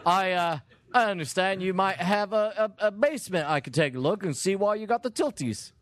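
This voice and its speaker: A man voicing an overeager, bumbling mystery buster with a deliberately bad fake British accent. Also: extremely high pitch, wildly swooping pitch, vocal fry, bright, forceful tone, pitched above the performer's own voice, exaggerated voice. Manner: overeager, blustering. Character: eager bumbling male mystery buster, glowing top hat.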